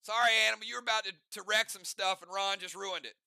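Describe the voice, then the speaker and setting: Gravelly, bright-voiced male game host. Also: high voice, fast talker, dry recording, studio quality. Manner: energetic, teasing banter with players. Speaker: game host calling turns. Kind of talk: live game commentary.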